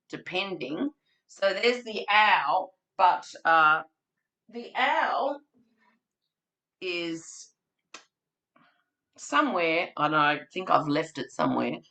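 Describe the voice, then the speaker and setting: A woman presenting a childcare training webinar in an animated, theatrical, chatty way. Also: fairly low pitch, drawn-out words, long pauses.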